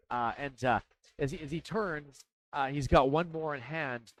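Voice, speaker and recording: A man narrating as dungeon master, talking in a halting way with many fillers and restarts. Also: on the high side, fairly bright tone, poor audio. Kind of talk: narrating a tabletop game.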